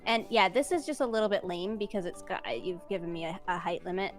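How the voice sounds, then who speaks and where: A woman's voice: mid-range voice, quick pace, soft background music. A woman building in a game with friends, cheeky and playfully defiant. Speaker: guest builder. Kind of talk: casual gaming chat.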